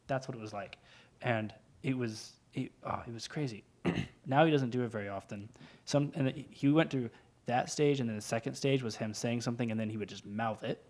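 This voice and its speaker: A man's voice: mid-range voice, brisk, darkish tone. Young man rambling in a casual podcast. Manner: rambling, laughs often, restarts words. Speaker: podcast co-host. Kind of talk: casual chat.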